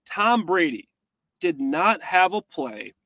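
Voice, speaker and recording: Male co-host, former player, high-pitched, animated and casual, dry close mic. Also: takes it slowly, no room sound. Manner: animated, acts out plays in quoted voices. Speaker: co-host, former tight end. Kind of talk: casual football breakdown chat.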